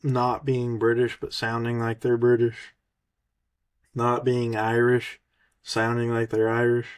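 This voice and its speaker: A man's voice: medium pitch, little pitch movement, measured pace. Sarcastic man on a heated rant. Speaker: podcast co-host. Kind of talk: mocking rant.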